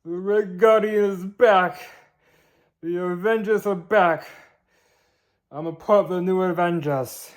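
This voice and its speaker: A man putting on a loud, boastful superhero voice, attempting a Russian accent and missing it. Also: fairly even intonation, slow, pauses often. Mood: triumphant. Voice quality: failed Russian accent, booming. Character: boastful burly male superhero, loud and proud.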